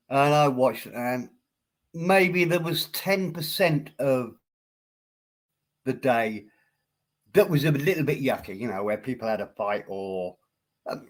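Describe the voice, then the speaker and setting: Lively, rambling streamer man. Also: medium pitch. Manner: rambling, laughs often, addresses chat by name. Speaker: livestream host. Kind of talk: casual chat on a livestream.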